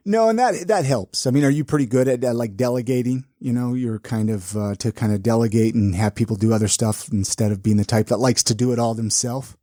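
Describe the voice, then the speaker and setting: Mellow man co-hosting a podcast. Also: mid-range voice, fairly quick, hardly any pauses, dry recording, clean studio sound. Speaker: podcast co-host. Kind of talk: casual chat.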